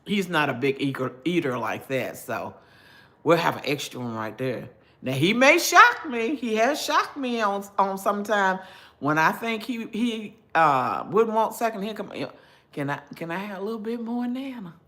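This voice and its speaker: An older woman chats her way through a cooking livestream, homey and talkative. She takes her time, and her pitch rises and falls a lot as she goes. She talks straight to her viewers through a phone. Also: sing-song, unhurried, a bit bright. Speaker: cooking channel host. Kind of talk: casual cooking livestream chat.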